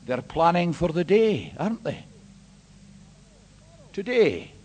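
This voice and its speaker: A man pastor preaching an emphatic sermon, swinging between hushed and loud. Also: sits high, big pitch swings, slow. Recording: long hall reverb.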